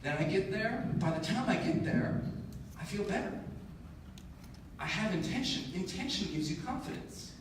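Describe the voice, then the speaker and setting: Man, high-voiced motivational speaker, emphatic and self-mocking, live in a big hall with room noise behind. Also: moderate pace. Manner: animated, emphatic storytelling with self-deprecating humor. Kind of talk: live keynote storytelling. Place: large conference hall. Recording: echoey hall, distant mic, audible room ambience.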